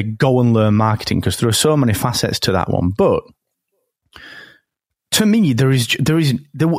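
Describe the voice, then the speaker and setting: A man hosting a podcast in casual chat, energetic and fond of metaphors, often repeating words as he starts a thought. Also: mid-range voice, no echo, studio quality. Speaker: podcast host.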